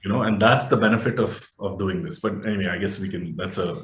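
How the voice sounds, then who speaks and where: Low-voiced man explaining in an echoey room. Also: fast, slight background noise. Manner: explains at length, many fillers and restarts. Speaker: guest, health researcher. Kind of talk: casual interview talk.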